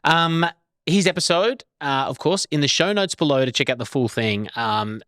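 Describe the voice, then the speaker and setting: A man hosts a podcast with a lively, up-and-down delivery. He sounds playful and relaxed. He is recorded close and dry, with faint music behind him. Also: a little high, normal speed, no room sound. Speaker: podcast host. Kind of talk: casual podcast hosting.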